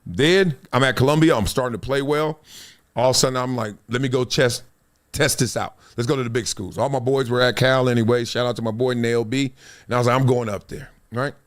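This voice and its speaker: A man's voice: medium pitch, brisk. A middle-aged man from Compton hosting a casual sports talk show, telling stories animatedly and reading viewer comments. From Compton, Los Angeles. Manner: animated storytelling, swings between loud and hushed. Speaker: show host.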